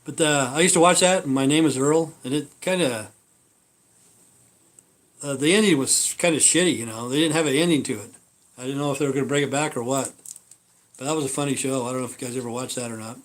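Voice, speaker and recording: A man's voice: medium pitch, fast. A man hosting a live stream, telling stories in a meandering, profane way. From Idaho. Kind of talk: rambling casual live-stream chat.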